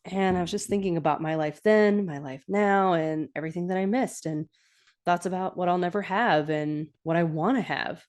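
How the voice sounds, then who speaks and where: Chatty woman podcaster, lower voice. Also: moderate pace, darkish tone. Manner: chatty, self-correcting, laughs often. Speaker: podcast host. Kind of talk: casual episode recap.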